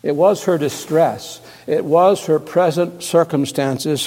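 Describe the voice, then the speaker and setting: A man preaches slowly in a slightly high voice, letting each phrase land. He drops to near whispers, then builds to loud, emphatic repetitions. A long reverb from the large church hall follows his words. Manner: swings from hushed to loud and emphatic, repeats words. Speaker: pastor. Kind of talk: sermon.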